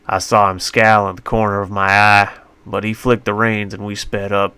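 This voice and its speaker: A man's voice: on the low side, level tone, moderate pace, pushed and bright, clear, resonant tone, no room sound. Folksy man narrating a western story. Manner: folksy, colloquial first-person telling.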